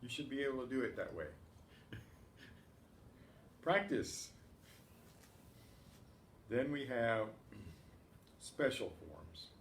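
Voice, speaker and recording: A man leads a language lesson at an even, middle pitch, working through conjugations in a patient, methodical way. The room is roomy and echoey, and a faint ambient hum sits under his voice. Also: slow, vocal fry, pauses often. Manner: patient, methodical, recites verb conjugations in drills. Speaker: Spanish teacher. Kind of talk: classroom lesson. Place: community class room.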